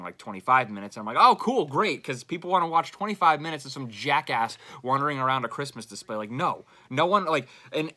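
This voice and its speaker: A young man talks off the cuff in a bright, forceful voice. He rambles in a casual, frustrated way, packing his talk with fillers and swearing, pitched right in the middle for a man. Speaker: YouTuber. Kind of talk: unscripted rambling monologue.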